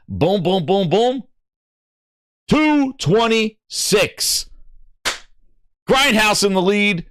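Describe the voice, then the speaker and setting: A middle-aged man hosting a gaming show, telling an excitable story and acting out what other people said. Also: a little high, no room sound, studio quality. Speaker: gaming podcast host. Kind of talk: animated storytelling.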